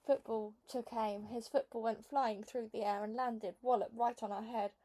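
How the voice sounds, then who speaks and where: A woman with a slightly high voice reading a children's book aloud. Her storytelling is lively and expressive, in the first person. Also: normal speed. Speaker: read-along narrator.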